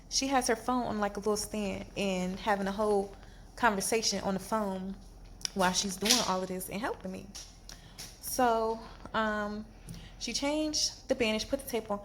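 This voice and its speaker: A woman telling a storytime vlog from a hospital bed after surgery, animated and exasperated, in pain. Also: mid-range voice, a little hiss or hum. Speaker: vlogger.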